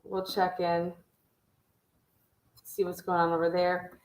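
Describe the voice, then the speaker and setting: A woman's voice: lowish voice, completely flat delivery, takes it slowly. A woman hosting a live stream in a playful, hyped-up, casual way, cheering her viewers on. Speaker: livestream host. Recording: echoey room.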